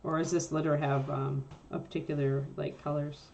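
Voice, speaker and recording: Woman, lowish voice, chatty livestream host, casual talk, faint room hiss. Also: little pitch movement, moderate pace, vocal fry. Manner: chatty, breaks off to coo at her dog in a soft high voice.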